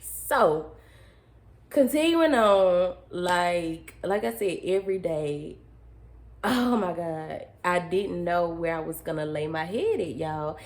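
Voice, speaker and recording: A young woman vlogger telling a personal story in a casual, animated way, often addressing her viewers as y'all. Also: on the low side, takes it slowly.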